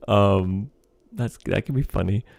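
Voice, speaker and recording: A man's voice: lowish voice, takes it slowly, vocal fry, darkish tone, no echo. A man hosting a livestream, thinking aloud while writing a comedy sketch, hesitant with many ums and chuckling as he reads lines aloud.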